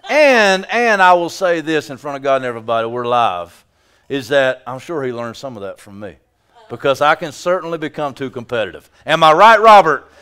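A man preaching a sermon in a conversational, joking way, with sudden loud bursts. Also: on the high side, expressive, a little fast, clean tone. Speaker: pastor.

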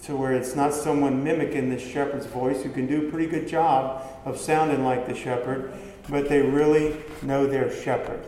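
A man's voice: mid-range voice, steady tone, normal speed, hardly any pauses, dark tone, slight background noise. A man preaching a sermon in a conversational way, asking his congregation rhetorical questions. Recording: echoey hall with long reverb, faint ambience.

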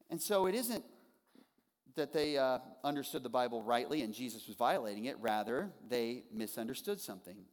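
Male preacher in a reverberant hall. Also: medium pitch. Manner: earnest expository preaching, slowing and repeating key phrases. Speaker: pastor. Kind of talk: sermon.

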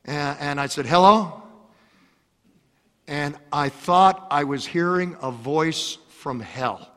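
High-voiced preacher, slow and impassioned. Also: male voice, clean tone, in a large hall. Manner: impassioned, repeats phrases, swings from loud exhortation to hushed storytelling. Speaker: pastor. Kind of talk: sermon. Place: church.

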